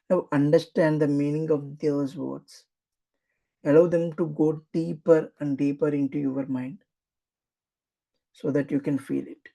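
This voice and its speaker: A guide leads a guided affirmation meditation in a soothing, repetitive way. The voice is very dark and mellow, with a gravelly fry, and it moves at an unhurried, drawn-out pace. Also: mid-range voice, fairly even intonation, poor audio. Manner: slow, soothing, repetitive instruction.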